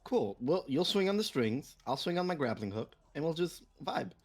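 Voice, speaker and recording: A man's voice: on the high side, very animated, moderate pace. A man chatting as a tabletop player, laid-back, teasing and swearing casually. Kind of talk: casual chat at a game table.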